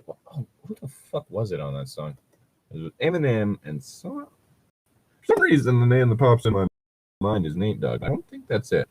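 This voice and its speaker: A man's voice: mid-range voice, husky, no echo. A man reading a fan story aloud in a casual comedic read-along, laughing often and swearing through rambling asides.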